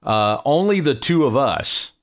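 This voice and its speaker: Easygoing pastor hosting a podcast. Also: male voice, mid-range voice, sing-song, measured pace, a bit bright. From Southern United States. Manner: easygoing, chuckles often, shifts from teaching to banter. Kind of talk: relaxed Q&A podcast chat.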